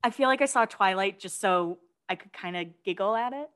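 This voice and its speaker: A woman's voice: medium pitch, fairly quick, a bit bright, clean tone. A woman co-hosting a podcast, chatting casually and reading out celebrity gossip items with gushing asides. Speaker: podcast co-host.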